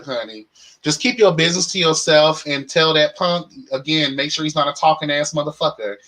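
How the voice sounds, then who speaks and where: A young man hosting a casual chat show, telling a story in a flamboyant, sassy, animated way and speaking straight to his listeners. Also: a little high, poor audio. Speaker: podcast host.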